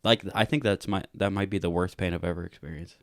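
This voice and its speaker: A man's voice: sits low, fast talker, fairly bright tone, no room sound, studio quality. A young man co-hosting a podcast in casual chat, rambling and filling his sentences with "like". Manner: rambling, heavy use of "like" fillers. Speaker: podcast co-host.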